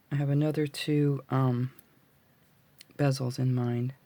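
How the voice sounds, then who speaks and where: A man with a gravelly voice hosting a casual beading tutorial, chatty and muttering to himself as he works, recorded on a phone. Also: medium pitch, little pitch movement, slow pace, mellow. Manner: chatty, mutters to self while working. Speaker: jewelry tutorial host.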